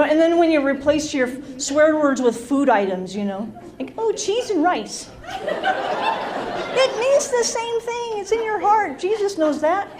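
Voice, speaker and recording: A woman from Utah doing a self-deprecating stand-up comedy set on a club stage, teasing the audience. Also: fairly high pitch. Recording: live club with loud crowd noise.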